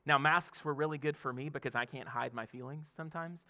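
A pastor in his thirties delivers a sermon in a relaxed, talky way, often laughing and checking in with the room. His voice has a gravelly edge. It also carries a bright, forward tone. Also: on the high side, a little fast. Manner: conversational preaching with frequent laughs and "okay?" asides.

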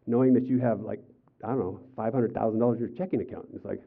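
An older male pastor delivers a sermon, swinging from loud, acted-out quotes to quiet, earnest appeals. The sound is thin and tinny, like a phone line. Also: on the low side, fast talker, vocal fry. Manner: animated storytelling, acts out quotes with raised voice. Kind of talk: sermon with personal stories.

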